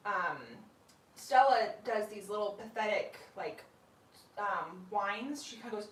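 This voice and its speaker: Laughing often and speaking fondly to her pets, a woman who owns sugar gliders and hosts a channel chats on a casual home live stream. She sounds medium-pitched, animated and unhurried, with slight background noise, in a roomy space with a distant mic.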